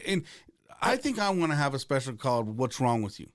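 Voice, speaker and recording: A man in his forties, a comedian guest in casual podcast chat, swearing freely and acting out scenes in loud bursts. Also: mid-range voice, a little fast, heavy background noise. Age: 40s. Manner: profane, animated, acts out characters in loud bursts. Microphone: studio mic.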